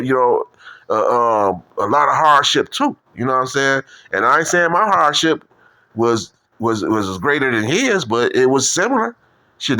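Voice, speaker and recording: A man's voice: on the high side, bright, forceful tone. Profane rambling man. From Detroit. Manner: profane, repetitive, street slang. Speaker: video commentator. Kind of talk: rambling casual monologue.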